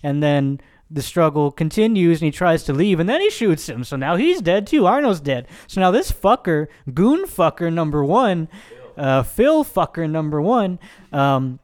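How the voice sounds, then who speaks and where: Man, podcast co-host, loose chatty delivery, fillers and cursing, slightly higher voice. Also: very animated, normal speed, darkish tone. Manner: rambling, profane, many fillers. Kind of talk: casual film discussion.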